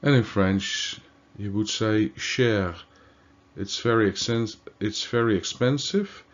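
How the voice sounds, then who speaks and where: Slow-speaking man teaching grammar. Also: fairly low pitch. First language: Dutch. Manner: slow, deliberate, with fillers and self-corrections. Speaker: language teacher. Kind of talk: slow explanatory grammar lesson. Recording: dull lo-fi recording.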